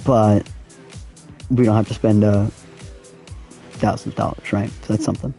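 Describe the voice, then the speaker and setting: A man's voice: fairly low pitch, steady tone, normal speed, dark tone, faint music behind. Laid-back young man streaming a racing game. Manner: laid-back slangy, chats with viewers while racing. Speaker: gaming streamer. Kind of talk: casual live-stream commentary.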